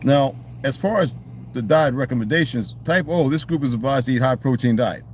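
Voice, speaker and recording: A man's voice: mid-range voice, fairly quick. Rambling man with a faint background hum. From United States. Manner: loose, meandering, swears freely, many restarts. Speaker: channel host. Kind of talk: casual rambling monologue.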